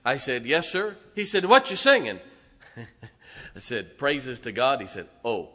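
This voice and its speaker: A man, preaching emphatically as a pastor and now and then singing slowly. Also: mid-range voice, very animated, sharp tone. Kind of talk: sermon. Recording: reverberant church hall.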